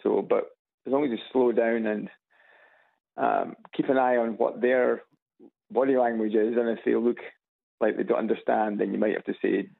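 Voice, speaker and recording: Gravelly Scottish man on a phone line. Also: medium pitch, steady tone. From Scotland. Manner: slow, deliberate, plain-spoken. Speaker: caller. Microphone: phone on loudspeaker. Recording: tinny phone line on speaker.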